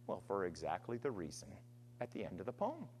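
Woman, preacher, sermon, earnest, emphatic, very lively pitch, long hall reverb. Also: fairly quick, husky. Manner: earnest, emphatic, swings between loud stress and quiet trailing lines.

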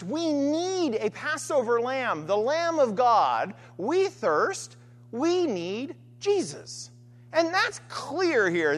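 A woman delivers a sermon with pitch that leaps wildly between high and low. She asks rhetorical questions and circles back to repeated refrains. Her voice rings out with a long reverb, as in a large hall. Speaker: preacher.

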